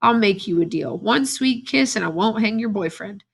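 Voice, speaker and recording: Brief: drunk, leering small-town sheriff, read out by a woman, gravelly. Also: mid-range voice, expressive, moderate pace. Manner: read aloud, close to her own voice.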